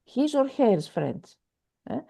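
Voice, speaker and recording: A woman teaches French over a video call with a mellow, warm tone. She talks patiently and repeats herself, with many fillers. Her voice sits a little high. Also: very animated, takes it slowly, creaky. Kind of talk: online language lesson.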